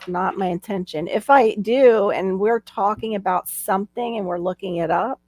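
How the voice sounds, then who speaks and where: Chatty woman with a gravelly edge. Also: mid-range voice, normal speed, darkish tone, a little hiss or hum. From southern United States. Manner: chatty, laughs often, reads viewer comments aloud. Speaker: livestream co-host. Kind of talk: casual chat.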